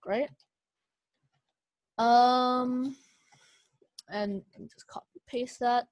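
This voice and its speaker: A woman instructing a speech class over a video call, explaining slowly with many fillers and restarts. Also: fairly high pitch, dry recording.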